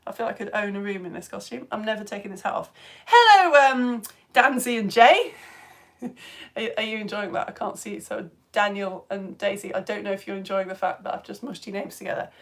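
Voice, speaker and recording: A middle-aged woman from the UK with a cough and cold, chatting casually as she hosts a live children's science show and reads out viewer comments, giggly and at times dropping to soft asides. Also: mid-range voice, a little fast. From United Kingdom. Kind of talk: casual live-stream chat reading comments. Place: at home on the sofa.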